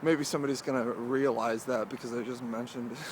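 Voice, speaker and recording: A young man in the middle of his voice range rambles to the camera while strolling outdoors. His talk is halting and loose, full of "like"s and half-finished thoughts, with a light wash of distant traffic behind him. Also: mid-range voice. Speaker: vlogger. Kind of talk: casual walking vlog monologue. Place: outdoors, walking through a cemetery.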